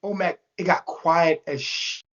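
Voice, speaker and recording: A man's voice: a little high, unhurried. A man telling a story in casual, profane talk, acting out what others said in their voices. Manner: animated, profane, acts out quotes in voices. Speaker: interview guest. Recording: dull lo-fi sound.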